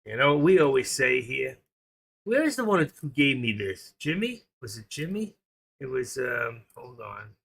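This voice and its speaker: A man's voice: mid-range voice, big pitch swings, unhurried, a bit bright, slightly rough. A man with a New York accent from Queens hosting a trading livestream, rambling and joking as he thinks aloud. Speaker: stock trading livestream host. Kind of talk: casual livestream chat.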